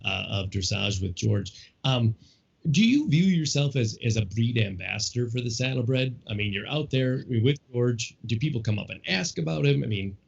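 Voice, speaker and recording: A man hosting a casual podcast interview, asking rambling, halting questions full of fillers. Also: medium pitch, lively intonation, creaky, breathy edge. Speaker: podcast host. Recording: dull lo-fi podcast audio.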